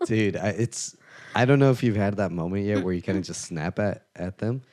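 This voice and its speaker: A man's voice: lowish voice, moderate pace, darkish tone. A man hosting a podcast, talking candidly in a casual, confessional way and laughing easily. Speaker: podcast host.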